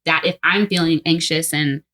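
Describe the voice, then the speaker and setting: A woman's voice: sits low, steady tone, normal speed. Playful, casual woman in podcast chat. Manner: casual, playful, reasoning out loud.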